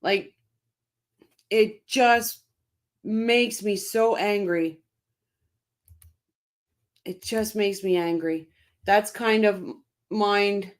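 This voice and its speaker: A woman's voice: fairly low pitch, a little mellow. A woman hosting a casual live-stream, reading out viewer comments by name and answering them with emphatic, impassioned commentary, often repeating her phrases.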